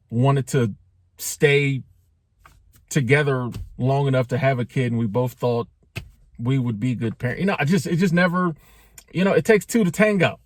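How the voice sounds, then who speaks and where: A man's voice: medium pitch, dry recording, studio quality. A man in his forties talking casually in a joking, conversational way, full of slang and asides to his viewers. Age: 40s. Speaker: vlogger. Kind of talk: casual talking-head monologue.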